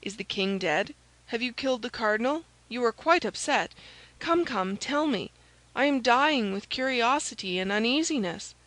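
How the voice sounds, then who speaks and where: A woman's voice: a little high, lively intonation, normal speed, fairly bright tone, rough recording. Woman doing a stern, commanding musketeer, audiobook. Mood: concerned. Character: stern, phlegmatic older male musketeer.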